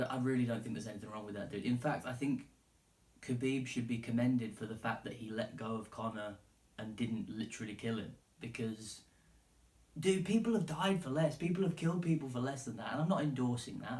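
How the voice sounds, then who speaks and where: A man's voice: medium pitch, fairly quick, a little mellow, roomy sound, distant mic, poor audio. A man hosting a solo podcast, talking casually and emphatically, swearing and calling the listener "dude". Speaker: podcast host.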